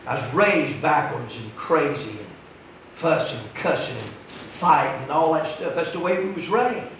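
A man, preaching a fiery sermon as pastor, swinging from shouting to low, quiet asides. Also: expressive, moderate pace, slight background noise. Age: 50s. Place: church sanctuary. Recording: echoey room, heard from a distance.

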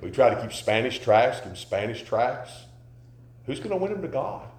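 A man preaching a sermon, telling folksy stories and rising to loud, emphatic questions. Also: medium pitch, very animated, normal speed. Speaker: pastor. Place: church sanctuary. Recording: echoey church sanctuary.

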